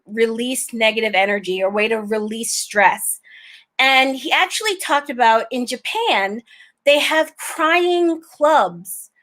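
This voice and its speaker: A woman with a high voice opens her talk show with bursts of excitement, then settles into a chatty, frank monologue. She speaks casually and openly, as if talking to friends watching live. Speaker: host.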